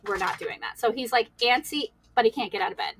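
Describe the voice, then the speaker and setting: A woman's voice: a little high, fast talker, fairly bright tone, dry recording, low-quality recording. A woman guest on a podcast, candidly telling her life story in a rambling way, with many "like"s and laughs. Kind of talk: emotional personal storytelling.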